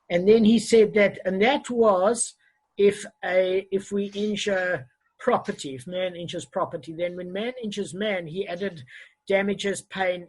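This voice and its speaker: Man, online Talmud teacher on a video call; husky voice, hesitant delivery with self-corrections. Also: high-pitched, rough recording.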